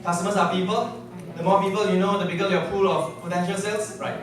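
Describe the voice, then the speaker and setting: A man giving a sales seminar to a live audience, constantly checking in with quick questions. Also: sits high, fairly even intonation, far from the mic. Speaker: sales trainer. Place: large hall with an audience. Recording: echoey hall, mic from afar, audience.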